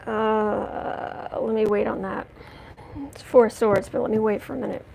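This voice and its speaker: A woman giving a livestreamed tarot reading, talking indignantly and emphatically with halting restarts as she greets chat. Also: mid-range voice, flat delivery, gravelly, warm tone, slight background noise, rough recording. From United States. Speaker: tarot reader.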